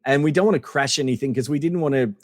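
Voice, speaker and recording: A middle-aged man from Australia, a podcast guest telling animated anecdotes with lots of fillers and restarts. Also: mid-range voice, fast talker, dry recording, clean studio sound, in a large hall. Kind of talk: casual storytelling interview.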